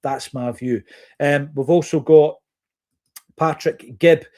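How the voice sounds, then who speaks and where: A man's voice: a little high, fairly even intonation, darkish tone. A man from Fife with a Scottish accent, hosting a football podcast and answering listener comments in an earnest, opinionated way. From Fife, Scotland. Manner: earnest, opinionated, measured with fillers.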